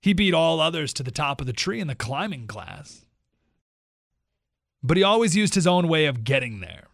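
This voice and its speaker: A man hosting a talk radio show, reading a story aloud with quick asides. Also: on the high side, very animated, creaky, dry recording, clean studio sound.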